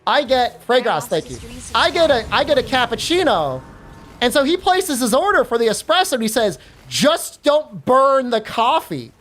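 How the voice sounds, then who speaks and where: A woman streamer chatting casually while gaming, telling an animated story with lots of fillers and free swearing. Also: fairly high pitch, brisk, faint music behind.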